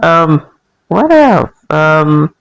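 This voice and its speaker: A man chatting easily as co-host, slow and unhurried in pace. His pitch swings up and down, and he laughs often between short agreeing replies. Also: big pitch swings, gravelly, a bit bright, clean tone, rough recording. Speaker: vlog co-host. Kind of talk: casual chat.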